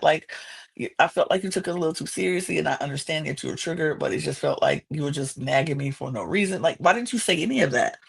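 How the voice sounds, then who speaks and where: Chatty gravelly-voiced woman host. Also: deep voice, quick pace. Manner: chatty, animated, quotes people in exaggerated voices. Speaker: podcast host recapping a reality show. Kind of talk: casual chat.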